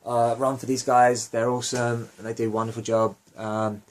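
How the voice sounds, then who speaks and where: A man's voice: medium pitch, level tone, moderate pace. A young man hosting a fan podcast, rambling casually with lots of fillers and self-corrections. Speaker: podcast host.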